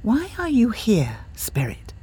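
A blunt young warrior woman, as a narrator puts her on speaks stiffly and formally, never shortening a word. Her voice sits higher than the narration, slightly husky, with a literal, direct edge in this audiobook. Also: sing-song, moderate pace, mellow. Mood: suspicious. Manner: formal, no contractions, blunt questions.

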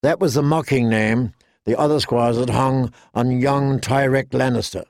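Steady male audiobook narrator, a bit gravelly, dry close sound. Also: mid-range voice, normal speed, no room sound. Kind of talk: scripted fantasy narration.

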